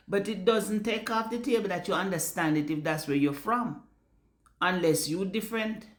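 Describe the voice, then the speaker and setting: A woman's voice: on the low side, roomy sound. A Jamaican woman speaking bluntly in a casual vlog rant, swearing freely and slipping into patois. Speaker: vlogger. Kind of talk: casual ranting monologue.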